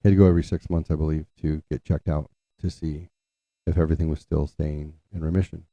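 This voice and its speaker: A man's voice: a bass voice, flat delivery, fast, no echo. A man telling a personal family story in a rambling way, often restarting his sentences. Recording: dull lo-fi, dry.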